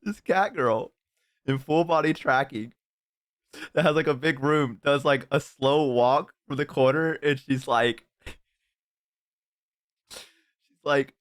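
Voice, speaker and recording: Streaming from home on a headset, a man tells his chat a rambling story, swearing and breaking into bursts of laughter. His medium-pitched voice is slow, with long pauses.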